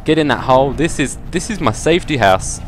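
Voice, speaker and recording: A man's voice: medium pitch, lively intonation, a little fast, over music. A young man commenting on a horror game he is playing. He jokes, swears and yelps when he gets scared. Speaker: gamer. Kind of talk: let's play commentary.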